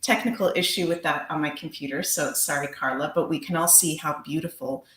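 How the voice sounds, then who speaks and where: A low-pitched woman co-hosts a livestream in casual chat. She talks in an upbeat, gushing way. Her voice rings out in a noticeably echoey room. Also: fairly even intonation, a little fast, fairly bright tone. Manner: upbeat, gushing promotional talk. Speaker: livestream co-host.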